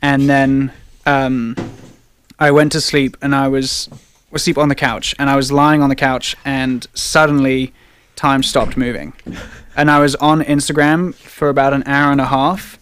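A man's voice: mid-range voice, level tone, a little slow, fairly bright tone, a little hiss or hum. A young man with an English accent, co-hosting a casual podcast chat and telling rambling, self-mocking stories. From England. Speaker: podcast co-host.

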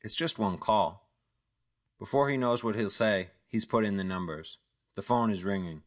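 A man reading a crime novel as scripted narration, telling the story in a steady, matter-of-fact way. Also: on the low side, normal speed. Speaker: audiobook narrator.

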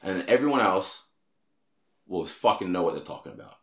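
Casual male talker, low voice, profane and animated, roomy echo. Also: fairly quick. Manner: heavy swearing, animated storytelling. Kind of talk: casual chat.

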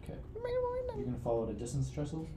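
A man's voice: mid-range voice, very fast, mellow. A man running a tabletop game as game master, narrating scenes with a playful, laughing manner. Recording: echoey room, faint noise.

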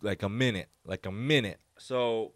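A man's voice: on the low side, moderate pace, fairly bright tone, no room sound, studio quality. A man hosting a solo podcast, telling a story casually and loosely, with lots of fillers and quoted voices. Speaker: podcast host.

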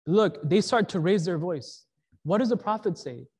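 A man's voice: high-pitched, lively intonation, moderate pace, darkish tone, slightly rough. A man giving a conversational sermon, asking the audience questions and mixing in slang. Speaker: preacher.

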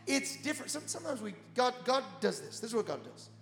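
A man preaching a sermon as pastor, animated, with repeated phrases that build to shouts. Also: very high-pitched, quick pace, vocal fry. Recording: echoey hall with music.

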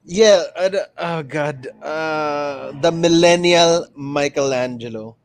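A man's voice: on the high side, slow, no room sound, faint music behind. A man with a Filipino accent in his thirties, hosting a casual podcast chat and swearing freely. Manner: swearing, switching between English and Tagalog. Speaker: podcast host.

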